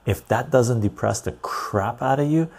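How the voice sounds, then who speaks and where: A man's voice: mid-range voice, measured pace, vocal fry, a little mellow. A man hosting a casual livestream, reading chat aloud and rambling loosely. He sounds tired and laughs easily.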